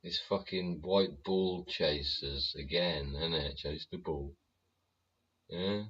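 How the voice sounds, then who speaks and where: A man's voice: extremely low pitch, takes it slowly, a bit bright, husky, muffled recording. A British man hosting a show, ranting profanely in a rambling way and talking back to his chat. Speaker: show host. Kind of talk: ranting livestream commentary.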